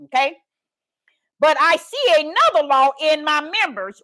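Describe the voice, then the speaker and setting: A high-voiced woman preaches over a livestream. She reads verses aloud and keeps asking her viewers to answer, in a call-and-response way. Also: very animated, moderate pace, sharp tone. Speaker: online preacher. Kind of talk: livestream Bible teaching.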